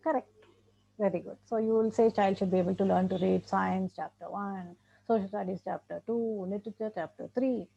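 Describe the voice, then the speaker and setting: Indian English woman trainer, gravelly mellow delivery, dull lecture recording. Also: medium pitch. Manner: emphatic, repeats points, laughs often. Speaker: special education trainer. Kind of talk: lecture to teachers and parents.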